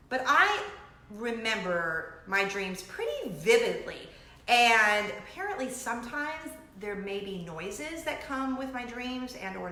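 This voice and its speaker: A middle-aged woman hosting her weekly chat show, telling stories in an animated, giggly way, recorded in an echoey room. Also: fairly high pitch. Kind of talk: casual chat to camera.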